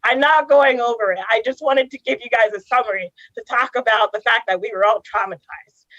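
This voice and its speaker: A woman's voice: on the high side, steady tone, brisk, a bit bright, no room sound. A woman from Cameroon doing a rambling, sarcastic stand-up comedy set. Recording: dull lo-fi livestream audio.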